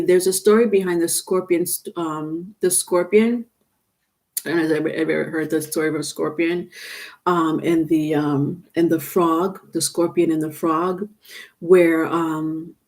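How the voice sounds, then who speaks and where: A woman's voice: fairly low pitch, a little mellow. A woman hosting a live tarot reading, chatty and repetitive, often laughing while greeting viewers. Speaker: tarot reader. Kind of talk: live-stream reading and chat.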